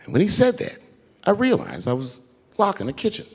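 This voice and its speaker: A man doing stand-up storytelling before a live audience, animated and profane, acting out the people in his story. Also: high voice, brisk, gravelly, slightly rough, big-room sound. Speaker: stand-up comedian. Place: large theater stage before a live audience.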